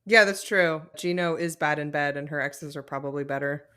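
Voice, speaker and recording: A giggly woman co-hosting a casual podcast, with a slightly low voice for a woman. She chats loosely, laughing between lines and peppering her talk with "like.". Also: fairly quick, clean tone. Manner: giggly, animated, lots of "like" fillers. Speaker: podcast co-host. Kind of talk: casual chat recapping a reality show.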